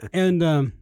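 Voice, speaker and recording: Here a podcast co-host with a high-pitched voice chats casually, spinning stories and performing the voices of those he quotes. The recording is dry and studio-clean, and his storytelling is lively.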